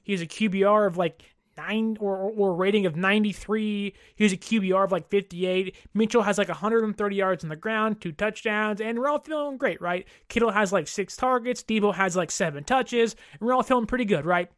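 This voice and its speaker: A woman in her thirties hosting a sports podcast, ranting in an exasperated, animated way with mocking mimicry. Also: mid-range voice, a little fast, no room sound, studio quality. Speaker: podcast host. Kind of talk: casual sports podcast rant.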